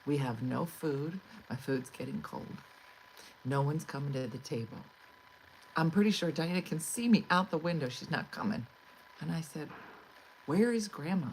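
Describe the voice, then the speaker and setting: A middle-aged woman, a comedian, telling an exasperated, animated story to her livestream audience and acting out the quotes. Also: low-pitched, slight background noise, low-quality recording. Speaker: comedian host. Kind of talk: storytelling monologue.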